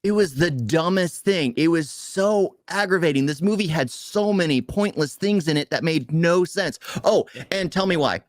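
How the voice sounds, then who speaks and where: Exasperated man ranting, a bit high. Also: dry recording, studio quality. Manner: animated, exasperated, rapid complaining. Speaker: podcast co-host. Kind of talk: casual movie review rant.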